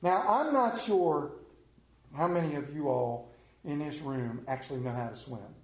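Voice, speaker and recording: A middle-aged male pastor preaching a sermon, telling the story with lively acted-out scenes and sudden drops to a hush. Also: a little slow. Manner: animated storytelling, acts out scenes with big pitch swings. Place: room with a congregation. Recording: echoey room.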